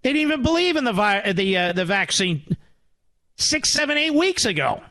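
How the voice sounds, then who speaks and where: A middle-aged man hosting a talk radio show, ranting with sarcasm and swinging between loud outbursts and low mutters. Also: sing-song, normal speed, dry recording. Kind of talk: angry talk radio monologue.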